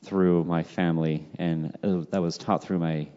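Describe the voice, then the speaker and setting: Very deep-voiced young man, earnest. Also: steady tone, measured pace, warm tone. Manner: earnest and grateful. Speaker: adult son and podcast guest. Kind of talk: casual conversation. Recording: dull recording with long reverb.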